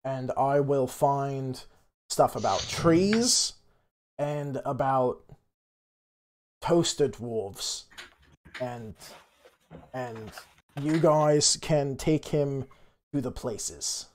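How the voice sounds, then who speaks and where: Slow, goofy male tabletop player with faint hiss. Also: mid-range voice. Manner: halting and goofy, with many fillers. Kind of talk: tabletop role-play.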